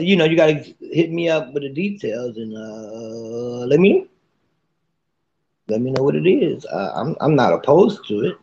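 A man hosting a casual live chat room and giving tarot readings, playful and teasing, with sudden soft asides. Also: medium pitch, highs cut off.

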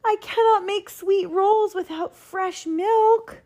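A woman's voice: slow, mellow. A frantic, fretful baker man who frets and pleads in a storybook tale, as a woman reading aloud puts him on. His voice climbs well above her own, thin with worry and begging for mercy. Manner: high, anxious, pleading delivery.

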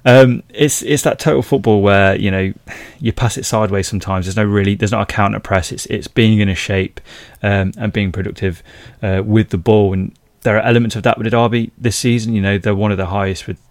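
Male pundit, low voice, casual, full of ums and restarts, dry recording. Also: fairly even intonation, a little fast, no echo. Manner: conversational, with frequent fillers and restarts. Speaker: football pundit. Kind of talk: casual football podcast chat.

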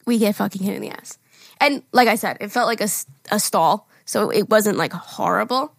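A young adult woman co-hosts a podcast, telling a story in casual conversation, acting out quotes and laughing often. Her voice is medium-pitched and creaky, at a moderate pace, with no room sound.

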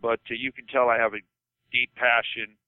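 A man's voice: mid-range voice, flat delivery, normal speed, clear, resonant tone, no echo. An older man, a football coach, talking passionately on a podcast, often repeating himself and asking "okay?". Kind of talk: podcast phone-in chat. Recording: tinny phone line.

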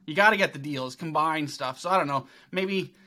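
A man's voice: fairly high pitch, normal speed, pushed and bright, dry recording, studio quality. A man co-hosting a casual podcast, thinking aloud with some hesitation. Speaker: podcast co-host.

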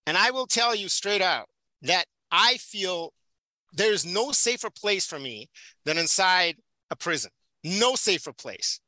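A passionate man from the Soviet Union speaks as a podcast guest, driving his points home by repeating words. His voice sits high and sounds very bright and sharp. The recording is dry and close. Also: big pitch swings, measured pace, no room sound, rough recording. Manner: emphatic, passionate, repeats for stress. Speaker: podcast guest, prison volunteer teacher. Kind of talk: casual conversational interview.

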